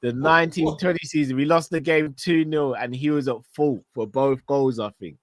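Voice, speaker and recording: A man co-hosting a football podcast, making deadpan jokes in casual banter. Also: a little high, moderate pace, slight background noise. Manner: joking, deadpan claims. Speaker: podcast co-host.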